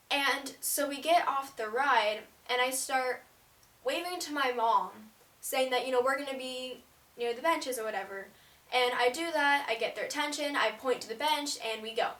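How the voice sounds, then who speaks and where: A high-voiced teenage girl chats through a rambling story for her vlog, sprinkling "like" everywhere. She sits back from the mic in a room with plenty of echo. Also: moderate pace, a bit bright, far from the mic. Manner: chatty, rambling, fillers of "like". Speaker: vlogger. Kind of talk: casual storytelling. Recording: roomy, away from the mic.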